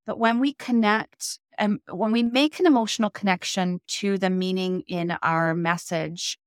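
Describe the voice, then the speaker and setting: A woman who coaches public speaking, a guest on a podcast, explaining in a measured, instructive way. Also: mid-range voice, steady tone, dry recording, clean studio sound. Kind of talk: podcast interview.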